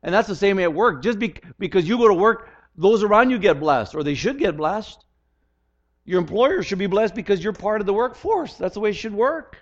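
A man's voice: high-pitched, lively intonation, fairly quick. An older man preaching a sermon as pastor, earnest and often repeating words as he restarts his sentences. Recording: dull lo-fi recording.

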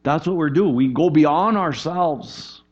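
A man preaching a conversational sermon as pastor, animated, often asking "right?" and jumping up in pitch for emphasis. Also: slow pace. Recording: dull lo-fi sound.

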